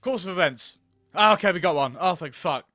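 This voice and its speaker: A man's voice: high voice, expressive, a little fast, bright, forceful tone, dry recording, clean studio sound, soft background music. A man playing a video game on camera, swearing, laughing and thinking aloud as he plays. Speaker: gaming video host. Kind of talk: let's play commentary.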